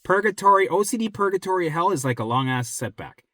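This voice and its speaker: A man talking straight to viewers as a recovery coach, blunt and profane, repeating himself for emphasis and dropping to a soft low voice when reassuring. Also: lively intonation, fast talker, no echo, clean studio sound. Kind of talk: direct motivational talk to viewers.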